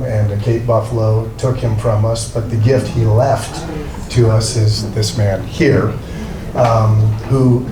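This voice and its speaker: A man gives a rambling, heartfelt introduction, joking at his own expense as he goes. He sounds set back from the microphone in a roomy hall. Background noise runs steadily underneath him. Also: mid-range voice. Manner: rambling, self-deprecating, emotional. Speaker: art dealer introducing a speaker. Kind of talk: live introduction speech. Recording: roomy, distant from mic, with noise.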